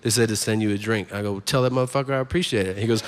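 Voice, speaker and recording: A man doing a stand-up set, telling stories with animated shouted voices. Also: medium pitch, quick pace, few pauses. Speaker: stand-up comedian. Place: large venue with audience. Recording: live hall with crowd noise.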